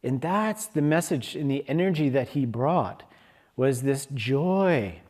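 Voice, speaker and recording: A man giving a Sunday service talk, telling a parable in a slow storytelling manner. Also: medium pitch, animated, a little mellow. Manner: slow, storytelling, briefly acting out lion and sheep voices. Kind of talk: sermon with a told story. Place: hall of a spiritual community.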